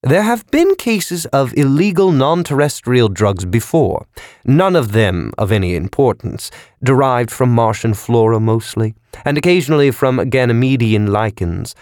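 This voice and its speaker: A man's voice: medium pitch, animated, measured pace, darkish tone, no room sound, pitched above the performer's own voice, lightly acted. A man narrating a story, voicing a severe, educated man who speaks in a precise, dry and cutting way. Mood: probing.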